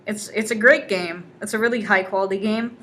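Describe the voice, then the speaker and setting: A young woman from the Midwest co-hosting a podcast, making dry, deadpan jokes in casual chat. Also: mid-range voice, a little fast. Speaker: podcast co-host.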